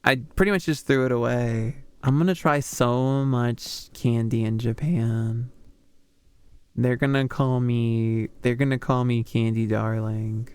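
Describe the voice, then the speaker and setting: A man chats with his stream audience in a smooth, clear voice. He rambles freely, with plenty of likes and restarts as he drifts between topics. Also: mid-range voice, fairly even intonation, a little slow, darkish tone, no room sound. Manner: rambling, chatty, lots of fillers. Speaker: VTuber streamer. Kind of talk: casual stream chat.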